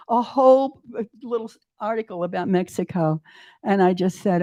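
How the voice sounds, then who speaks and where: Lively eighty-one-year-old woman telling a story. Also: mid-range voice, slow, pauses often. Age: 80s. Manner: animated, self-mocking, acts out her own inner voices. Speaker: interview guest. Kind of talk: storytelling in a casual interview. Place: retreat center in Mexico.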